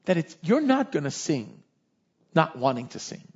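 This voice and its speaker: Pastor guy preaching, chatty, keeps saying right?, bit raspy, pitch all over the place. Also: moderate pace, muffled recording. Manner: lively, conversational preaching with frequent "right?" asides. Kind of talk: sermon.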